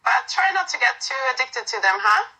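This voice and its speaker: A fond young woman who teases her clingy partner with gentle affection, as a woman reads her lines. The voice sits fairly high and bright, tender even when it pokes fun. It belongs to a romantic audio role-play. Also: moderate pace, heavily acted, poor audio. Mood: teasing.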